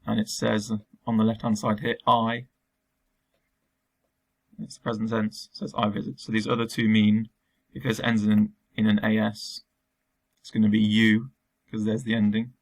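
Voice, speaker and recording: Gravelly-voiced male teacher, flat delivery. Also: fairly low pitch, moderate pace, long pauses. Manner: patient, explains step by step with many ums. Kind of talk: recorded remote lesson walkthrough.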